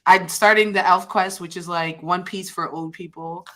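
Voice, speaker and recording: Bright-voiced New York woman. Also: lowish voice, normal speed. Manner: animated, laughs a lot, lots of fillers. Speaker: podcast co-host. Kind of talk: casual chat.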